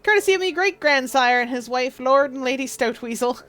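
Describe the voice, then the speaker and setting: A woman's voice: high voice, expressive, fairly quick, a bit bright, voice pushed up. A woman voicing a boastful, street-wise rat-catcher shopkeeper in a chatty, cheeky manner as she reads a text game aloud.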